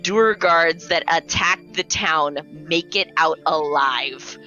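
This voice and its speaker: A woman's voice: deep voice, slow, dull audio, over music. A woman narrating as game master in a tabletop game, often laughing as she describes the scene.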